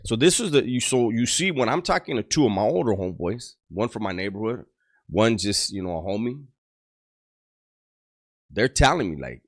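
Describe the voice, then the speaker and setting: A man telling street and prison stories in casual slang, full of restarts and gruff quoted voices. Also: lowish voice, animated, normal speed. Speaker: storyteller on a channel. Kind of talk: casual storytelling.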